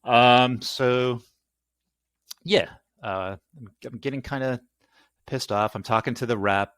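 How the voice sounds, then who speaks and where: A man's voice: medium pitch, slow, fairly bright tone, clean tone, no room sound. A man ranting casually and at length, exasperated and swearing, rambling through a complaint. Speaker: channel host.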